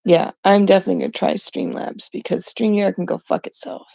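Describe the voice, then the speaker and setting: A woman's voice: medium pitch, steady tone, fairly quick, creaky, hardly any pauses, a little mellow, no echo. A middle-aged woman from Canada ranting casually and profanely to her viewers. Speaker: vlogger. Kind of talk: casual rant to camera.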